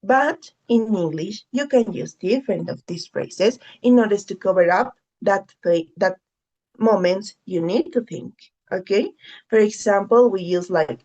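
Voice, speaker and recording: A woman's voice: mid-range voice, measured pace, warm tone, highs cut off. A woman whose first language is Spanish teaching an English class, patiently repeating key phrases and often checking in with "okay?". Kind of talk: online class instruction.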